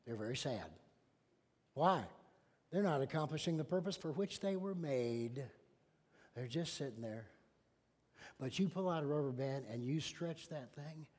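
A middle-aged man preaching in a large hall speaks unhurriedly in a mid-range voice. As pastor, he tells animated stories, acting out quoted people's voices, with big shifts in loudness.

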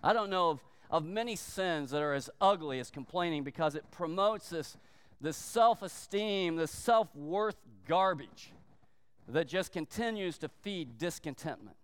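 A man preaching a sermon with a high, clear, smooth voice. He speaks emphatically, stretching key words and slipping into quick acted-out quotes. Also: expressive, fairly bright tone, big-room sound. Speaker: pastor.

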